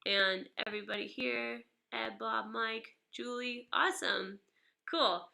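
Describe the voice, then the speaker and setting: Upbeat woman teaching guitar, bright voice. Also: fairly high pitch, fairly even intonation, unhurried, vocal fry. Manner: chatty and upbeat, greeting viewers by name. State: stuffy nose. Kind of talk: live-streamed guitar lesson. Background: guitar playing.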